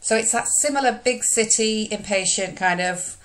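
A woman's voice: mid-range voice, moderate pace, a bit bright. A woman, giving a recorded lesson over slides in a conversational manner with frequent fillers. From United Kingdom. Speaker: teacher.

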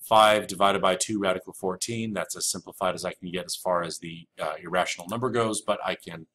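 A little fast and a bit bright, this math teacher's low-pitched voice keeps a fairly even intonation. He walks through a recorded flipped-classroom geometry lecture step by step, repeating key rules with casual fillers.

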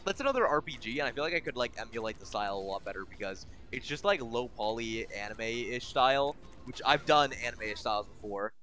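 A young man streams a game with loose, rambling commentary, swearing freely as he lurches between exasperation and giddy delight. His voice sits at an ordinary middle pitch, with faint music playing underneath. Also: sharp tone. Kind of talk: casual gaming commentary.

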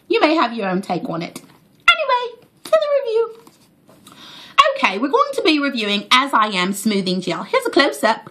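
A woman's voice: sits high, sharp tone, heavily acted, rough recording. Woman putting on a bouncy mock British accent. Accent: put-on British. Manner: playful, sing-song, teasing. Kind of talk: casual vlog aside.

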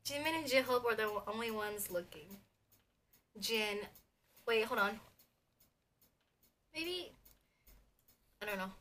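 A young woman, unboxing an album as a vlogger and gushing like an excited fan, with squeals and gasps between chatty asides. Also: fairly high pitch, slow pace, pauses often.

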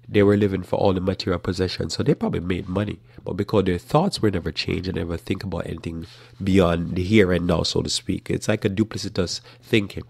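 A man with a very low, gravelly voice gives an earnest, conversational sermon. He leans on repetition to drive his points home. The sound is close and dry, with no room around it. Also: no echo. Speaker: preacher. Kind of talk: casual teaching sermon.

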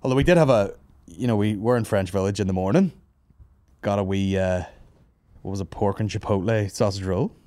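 A man's voice: on the low side, brisk, darkish tone, dry recording. A Northern Irish man hosting a podcast, telling a rambling comic story, swearing a lot and laughing often, hungover and tired. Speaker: podcast host. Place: office.

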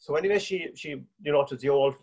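A man with an Irish accent telling a folksy family anecdote at a relaxed, rambling pace. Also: on the high side, fast, breathy edge. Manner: relaxed, rambling yarn-spinning. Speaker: storyteller.

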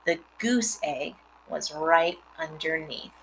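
A woman reading a children's novel aloud, expressive, with chatty asides to her listeners. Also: low voice, takes it slowly, vocal fry, slight background noise, rough recording. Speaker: reader.

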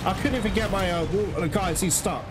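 A man giving excitable gameplay commentary, swearing often and talking straight to his viewers. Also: high-pitched, a little fast. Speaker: gaming YouTuber. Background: loud game music.

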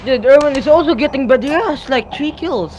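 A young man gaming with friends, excitable and swearing often, laughing a lot. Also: extremely high pitch, fairly quick, dull audio. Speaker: gamer recording a session with friends. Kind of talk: casual gaming banter. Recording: faint background noise.

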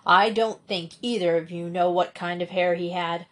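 A woman's voice: lowish voice, fairly even intonation, normal speed, a bit bright, close to an everyday voice. A woman reading aloud as a stern small-town male police chief who speaks in a commanding, curt way.

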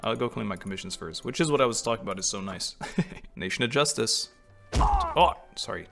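Man, gaming commentary, swooping wildly in pitch, laughs a lot, faint game music behind. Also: fairly quick, gravelly. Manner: animated, laughs and exclaims often. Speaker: gaming video creator. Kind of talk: excited gameplay commentary.

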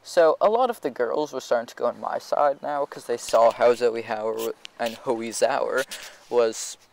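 Teen guy ranting a school story, sarcastic, rambly, mid pitch, says anyway a lot. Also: normal speed, creaky, darkish tone, slight background noise, rough recording. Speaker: vlogger. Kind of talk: storytime rant.

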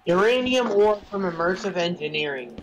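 A man's voice: sits high, expressive, moderate pace, a little hiss or hum, low-quality recording. A man hosting a game video, chatting and teasing his co-player casually. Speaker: let's play host. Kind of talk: casual gaming chat.

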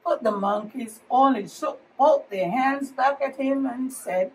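Preschool teacher reading aloud, unhurried and expressive, high-voiced woman heard from across the room. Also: gravelly. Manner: slow, expressive storytelling with acted shouts. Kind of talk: reading a picture book aloud. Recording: distant mic, faint room noise.

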